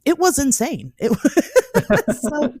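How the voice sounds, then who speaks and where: A woman in her thirties hosting a podcast, telling stories in a casual, animated way with frequent laughs and many "like" fillers. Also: sits high, slow pace, no echo, clean studio sound. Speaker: podcast host. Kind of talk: casual storytelling chat.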